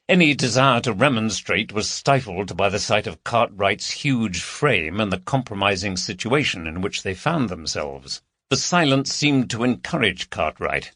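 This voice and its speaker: Brief: male narrator, husky and gravelly, animated delivery, dry close mic. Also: fairly low pitch, no room sound. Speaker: audiobook narrator. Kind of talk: scripted narration.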